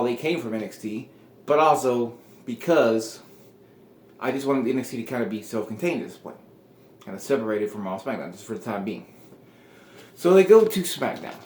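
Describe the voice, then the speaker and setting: A man hosts a video and tells a story in a loose, rambling way. His delivery is casual and animated. A roomy echo sits on the voice. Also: mid-range voice, fairly quick. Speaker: video host. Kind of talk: casual fantasy-booking storytelling.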